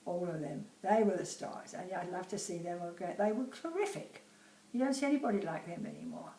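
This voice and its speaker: A woman's voice: on the high side, a little mellow, far from the mic. An elderly woman around eighty with a Cockney accent, chatting and reminiscing in a casual interview, laughing easily. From Bermondsey, London. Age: about 80. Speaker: interviewee, host's mother. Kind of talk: casual chat. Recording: roomy, off-mic with faint ambience.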